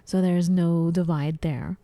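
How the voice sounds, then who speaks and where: Woman podcast co-host, dry close sound, lively casual talker. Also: fairly low pitch, takes it slowly, no room sound. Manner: animated, acts out her own confused voice. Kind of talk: casual chat. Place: at home.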